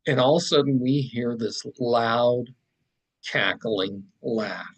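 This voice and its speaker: Gravelly husky man telling a story. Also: medium pitch, takes it slowly, low-quality recording. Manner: animated, rambling with fillers and asides. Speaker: podcast guest, fine artist. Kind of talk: casual storytelling.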